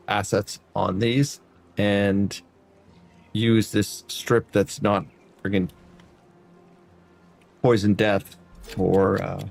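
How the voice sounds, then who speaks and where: A man's voice: lowish voice, creaky, darkish tone. A man streaming a building game, chatting casually and talking to viewers by name as he plays. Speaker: variety streamer. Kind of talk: casual gameplay commentary.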